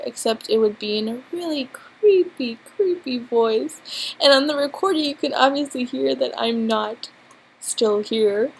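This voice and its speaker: Giggly husky young woman rambling. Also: high-pitched, measured pace, rough recording. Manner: rambling, giggly storytelling with many fillers. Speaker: vlogger. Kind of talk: storytime vlog. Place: home, indoors. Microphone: built-in laptop mic.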